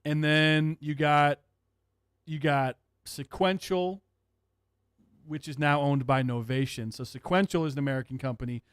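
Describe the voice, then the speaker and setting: A man hosting a livestream, chatting casually with viewers in an excitable, profane way and laughing often. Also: fairly high pitch, unhurried, clear, resonant tone, no room sound, studio quality. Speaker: livestream host.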